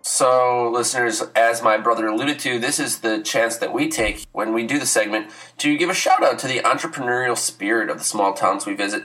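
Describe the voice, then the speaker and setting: Dry mock-formal guy cohosting a comedy radio bit, bright edgy voice, bit far from the mic. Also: medium pitch, brisk, few pauses, faint music behind. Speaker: co-host. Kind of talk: improvised comedy radio show.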